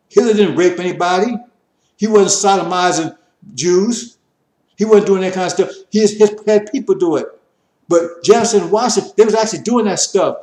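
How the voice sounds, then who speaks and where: A man giving an impassioned religious lecture, preachy and repetitive, rising to forceful emphasis. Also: high voice, roomy sound. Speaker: religious teacher.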